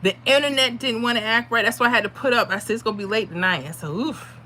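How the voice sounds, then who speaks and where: Bright-voiced tired woman streamer. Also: fairly high pitch, fast, slight background noise. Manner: chatty, reads out viewer comments. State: tired from little sleep. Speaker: livestream host giving lottery predictions. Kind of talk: casual livestream chat.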